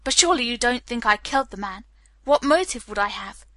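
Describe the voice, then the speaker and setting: A woman voicing a calm, stubborn Englishman who answers questions with clipped, guarded refusals. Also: fairly high pitch, a little fast, no room sound.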